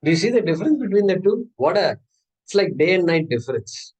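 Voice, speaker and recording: A man's voice: high-pitched, sing-song, brisk, a little mellow, husky, poor audio. A man teaching a scripture class in a conversational way, asking his students questions. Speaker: Vedanta teacher.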